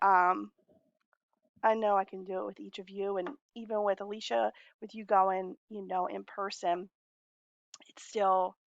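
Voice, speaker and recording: A woman's voice: medium pitch, creaky, dry recording, dull audio. A woman in her forties talking in a long, rambling, heartfelt personal message to friends, laughing often. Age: 40s.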